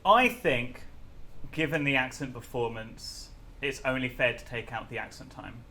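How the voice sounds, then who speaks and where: A man's voice: medium pitch, moderate pace, pushed and bright. A man judging a casual comedy task show, handing down wry, playful verdicts. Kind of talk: casual comedy panel chat.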